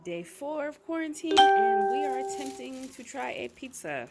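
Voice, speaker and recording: A woman's voice: sits high, lively intonation, normal speed, over loud music. A mother vlogging casually from her quarantine apartment, narrating with dry, teasing humor.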